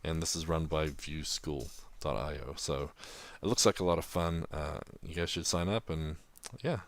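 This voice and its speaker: A man from New Zealand with a New Zealand accent softened toward American, co-hosting a podcast in a chatty way, laughing often. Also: a bass voice, moderate pace, no echo. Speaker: podcast co-host. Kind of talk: casual podcast chat.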